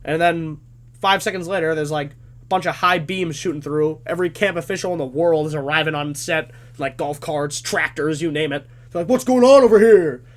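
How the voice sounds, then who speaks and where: High-voiced young man telling a funny story. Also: normal speed. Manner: animated, self-deprecating, with crude jokes. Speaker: storytime animator. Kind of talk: comedic storytime narration.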